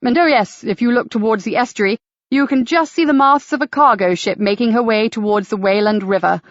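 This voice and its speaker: A woman's voice: a little high, brisk, no echo, natural voice. A woman voicing a fussy, theatrical male church tour guide who announces things grandly. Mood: grand, courteous. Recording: dry, slightly dull audiobook recording.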